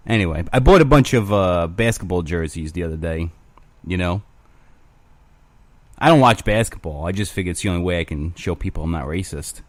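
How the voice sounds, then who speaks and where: A man's voice: deep voice, animated, brisk, no echo. A man hosting his own show alone, rambling crudely with self-mocking humor. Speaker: podcast host. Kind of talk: casual solo rambling.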